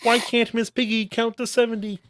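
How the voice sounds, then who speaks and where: A man's voice: very high-pitched, flat delivery, fairly quick, fairly bright tone, dry recording, studio quality. A man hosting a casual podcast chat, telling corny jokes and laughing at them. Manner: jokey, laughs at his own puns. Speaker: podcast host.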